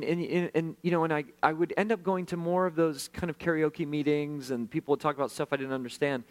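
Conversational man preaching a testimony. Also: fairly high pitch. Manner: conversational, self-deprecating, swings from hushed to animated. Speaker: pastor. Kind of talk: sermon storytelling.

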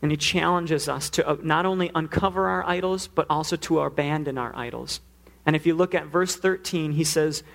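A man's voice: a little high, creaky. A man preaching a sermon, earnest, now and then acting out the pleas he quotes. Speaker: pastor.

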